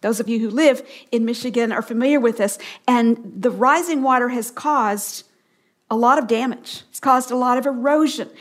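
A woman with a voice pitched a little high, teaching the Bible on a radio broadcast. She speaks earnestly and with emphasis, repeating her key phrases. At moments she falls to a soft hush to stress a point.

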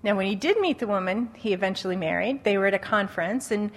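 A woman giving a conversational Christian teaching talk on dating, telling stories with animated quoted voices and frequent laughter. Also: mid-range voice, fast talker. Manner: animated storytelling, acting out quotes, laughs often.

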